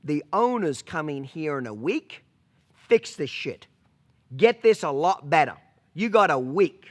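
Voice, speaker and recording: A man voicing his old boss, a gruff trainer who curses and barks orders. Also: on the high side, very animated, unhurried. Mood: stern. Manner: profane, barking orders. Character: gruff older male horse-trainer boss, impatient.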